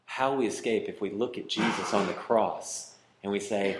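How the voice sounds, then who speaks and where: A male pastor preaching a sermon, pleading and emphatic, swinging from loud, high emphasis to quiet, low asides. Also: normal speed, roomy sound, slight background noise. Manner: pleading, rising to emphatic then dropping quiet.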